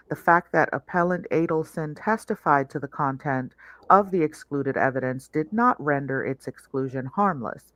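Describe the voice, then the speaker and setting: A woman's voice: low-pitched, a bit bright, no room sound. Dry-voiced woman reading a legal brief. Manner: sardonic asides between read passages. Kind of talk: reading a court filing aloud with commentary.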